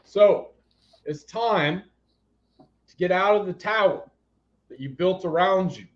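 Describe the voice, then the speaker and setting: Male psychic healer, brash and animated, fairly high voice, muffled stream sound. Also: takes it slowly. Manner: blunt, animated, swings between loud commands and quiet asides. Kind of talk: live spiritual reading and energy healing.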